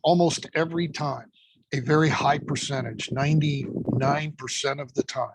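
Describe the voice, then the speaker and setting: A man's voice: a little high, fairly even intonation, normal speed, background noise. A man, an instructor and guest, telling stories in a casual interview, emphatic and swearing freely.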